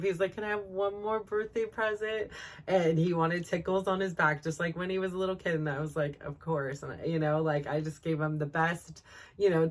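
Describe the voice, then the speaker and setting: A woman in her forties, a podcast host telling a personal story in a rambling way, full of fillers and laughing through tears at times. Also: sits low. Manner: rambling, full of likes and you-knows.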